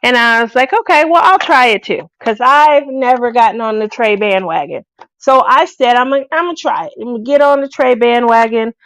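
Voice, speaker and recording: A chatty woman host talks to her craft viewers in a casual, laughing way. Her voice sits a little high with a gravelly edge. The sound is dry and close. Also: a little fast, no echo. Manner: chatty, laughs often, lively asides.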